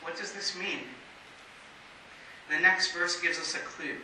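A man pastor giving a sermon in a church, speaking in a measured way with emphatic pauses. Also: high voice. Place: church sanctuary. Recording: very echoey hall, distant mic, faint hiss.

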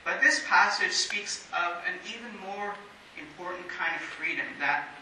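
A man pastor giving a sermon in a church, speaking in a measured way with emphatic pauses. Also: high-pitched, pushed and bright. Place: church sanctuary. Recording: very echoey hall, distant mic, faint hiss.

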